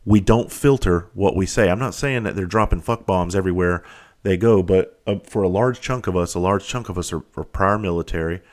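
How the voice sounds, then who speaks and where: This low-voiced podcast host talks fairly quickly. He's a blunt middle-aged man spinning casual stories, cursing often and starting his sentences over.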